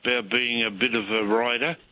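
An Australian man rings a radio show and chats in a friendly way, pausing for um and uh as he goes. His voice comes through a dull, muffled phone line. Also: medium pitch, level tone, no room sound. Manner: friendly, chatty, hesitant with fillers. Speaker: caller. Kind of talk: casual phone-in chat.

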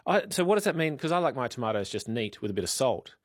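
A man's voice: medium pitch, very animated, fast talker, no echo. A man reading news items on radio and bantering with his co-host in the studio. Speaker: radio newsreader. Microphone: studio microphone.

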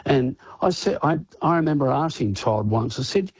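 A man's voice: mid-range voice, expressive, normal speed, hardly any pauses, slightly rough, dry recording. An older Australian man, a rock singer, rambling casually in a radio interview with many filler phrases and frequent laughter, on a studio microphone. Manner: rambling, many "you know"s, laughs often.

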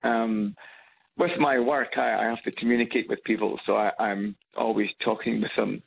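A man's voice: lowish voice, steady tone, moderate pace, gravelly, breathy edge. A man with an Edinburgh Scottish accent, calling into a radio show on speakerphone, chatty and hesitant with fillers and repeats. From Scotland. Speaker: radio caller. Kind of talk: casual phone-in chat. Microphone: phone on loudspeaker. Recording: lo-fi phone line.

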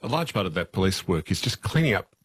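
Deep husky male interviewer. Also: very animated, no room sound, studio quality. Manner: measured, probing questions. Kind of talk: interview questions.

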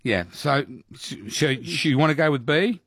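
A man hosting a live radio quiz, chatty and animated, laughing often. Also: fairly high pitch, normal speed, gravelly, breathy edge, no echo, studio quality. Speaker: radio host.

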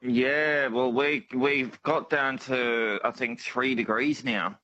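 A man's voice: mid-range voice, fairly even intonation, takes it slowly, bright, forceful tone, highs cut off, a little hiss or hum. An Australian man calling in to a radio show, friendly and easygoing. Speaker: caller.

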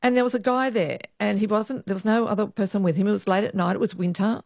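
A woman's voice: medium pitch, fast, creaky, no room sound, clean studio sound. Woman telling police stories. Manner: lively storyteller, acts out quoted voices. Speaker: retired police officer, guest. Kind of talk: storytelling interview.

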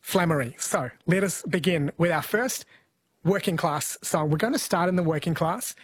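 A man's voice: a little high, normal speed, breathy edge. A man hosting a talk show, explaining things in an earnest, chatty way. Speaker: podcast host. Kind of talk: casual chat, explaining.

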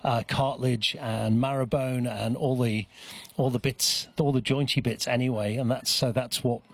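A man's voice: medium pitch, steady tone, normal speed. Hesitant man explaining recipes. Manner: hesitant, many restarts and fillers. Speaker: guest chef. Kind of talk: casual radio chat. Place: outdoor dog park.

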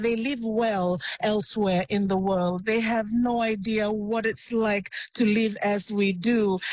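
A woman's voice: medium pitch, dry recording. Woman correspondent reporting live, dry sound. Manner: conversational, self-correcting. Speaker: foreign correspondent. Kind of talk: live news cross.

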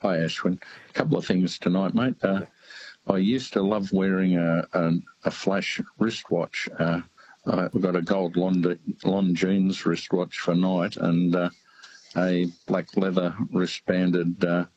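An older man calling in to a radio show, chatting in a halting way with many fillers. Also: low voice, flat delivery, a little mellow, husky, no room sound, highs cut off. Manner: hesitant, halting, lots of uh fillers. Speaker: radio caller. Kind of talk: casual chat.

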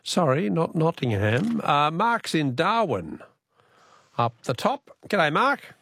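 Lively Australian man hosting radio quiz. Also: fairly high pitch, takes it slowly, gravelly, no echo, clean studio sound. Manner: jokey, laughs often, chatty.

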